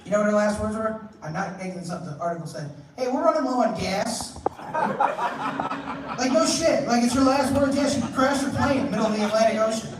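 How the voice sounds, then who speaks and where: A man's voice: sits high, quick pace, few pauses, far from the mic. A young man performing a stand-up comedy set on a club stage, telling crude conversational stories and acting out quotes. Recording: roomy live club recording, noisy. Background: audience laughter.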